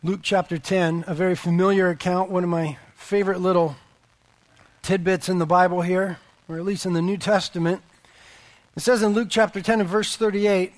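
A man preaches a sermon in a high voice, driving his points home through repetition. The sound is close and dry, with no room around it. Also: steady tone, normal speed, no room sound. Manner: emphatic, rhetorical repetition.

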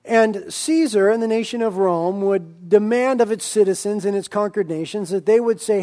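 High-voiced emphatic male preacher. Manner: emphatic preaching, swinging between loud drawn-out lines and quiet asides. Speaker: pastor. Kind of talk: sermon.

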